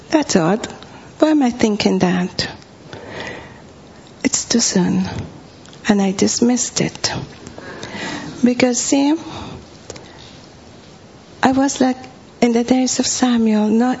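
A woman's voice: on the high side, creaky, a little mellow. A woman preaching in a storytelling style, acting out the lines she once said. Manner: vivid storytelling, acting out her own quoted words. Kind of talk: sermon storytelling. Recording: dull lo-fi recording with faint hum.

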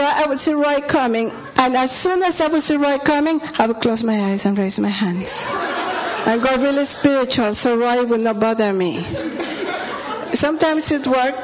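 A woman pastor preaching with humorous, confessional stories, often dropping to a whisper. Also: fairly high pitch. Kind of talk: sermon storytelling. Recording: dull lo-fi recording.

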